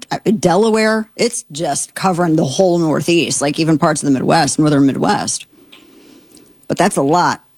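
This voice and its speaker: A woman host delivers heated political commentary in a fairly low voice, indignant and exasperated, stumbling through fillers and restarts. Her voice sits close and dry, with no room sound around it. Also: darkish tone, dry recording. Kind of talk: opinionated commentary.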